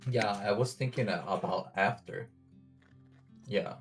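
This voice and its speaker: Low, gravelly, flat-voiced male player. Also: a little slow, faint music behind. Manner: laid-back, casual, chuckling. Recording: distant from the mic.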